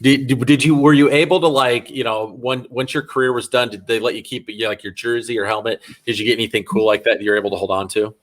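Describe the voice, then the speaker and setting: A man's voice: medium pitch, fairly even intonation, quick pace, few pauses, a bit bright. A man hosting a sports podcast, eager and enthusiastic as he reacts and asks questions. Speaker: podcast host. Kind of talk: casual chat.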